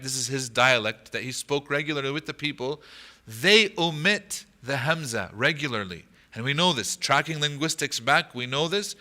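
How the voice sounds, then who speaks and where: Teaching a class at a mosque, an imam patiently explains a chapter of the Quran as commentary, quizzing the audience and reciting brief Arabic passages in this lecture. He speaks in a medium pitch with a bright, forceful tone.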